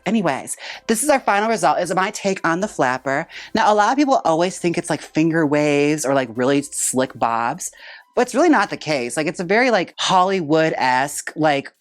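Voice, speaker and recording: A woman hosting a hair-styling vlog, chatting casually in a sassy, chatty way with plenty of filler words. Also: sits low. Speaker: hairstylist host.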